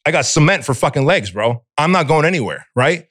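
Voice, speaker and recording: A man's voice: on the high side, animated, brisk, a bit bright, dry recording, studio quality. A man from Armenia, a podcast guest telling a candid personal story in blunt, profane words and acting out his own inner voice.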